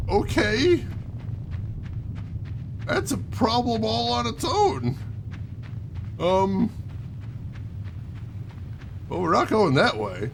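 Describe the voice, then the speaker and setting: Man with a lively gaming commentary voice. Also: sits high, vocal fry, background noise. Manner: joking, wry running commentary. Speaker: gaming channel host. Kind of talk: let's play commentary.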